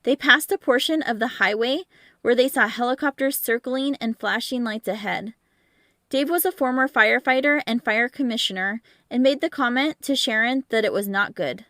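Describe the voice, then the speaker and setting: A woman podcast host reading a scripted narration in a measured, even way. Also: a little high, dry recording, studio quality.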